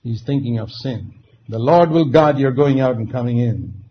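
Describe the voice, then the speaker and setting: A man preaching a sermon, emphatic, dropping to quiet asides and then rising to loud, stressed words. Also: medium pitch, normal speed. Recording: dull lo-fi recording with faint noise.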